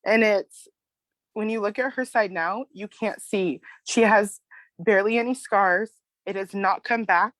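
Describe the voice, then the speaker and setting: A woman in her thirties, a mother telling a personal story in a halting, tearful way and apologizing as she goes. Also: medium pitch, a bit bright, dry recording. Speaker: guest sharing a testimonial.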